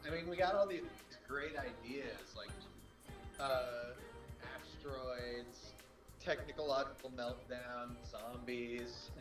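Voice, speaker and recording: A man co-hosts a gaming stream, tossing out teasing jokes in casual chat. His voice echoes around the room. Music plays clearly underneath him. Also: mid-range voice. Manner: joking, quick to tease.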